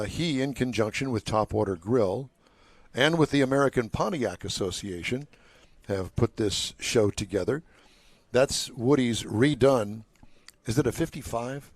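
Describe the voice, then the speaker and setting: A man's voice: mid-range voice, no room sound. Chatty older man hosting a car show. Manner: chatty, joking with co-hosts. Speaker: host. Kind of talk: live radio-style talk show. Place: outdoor waterfront car show.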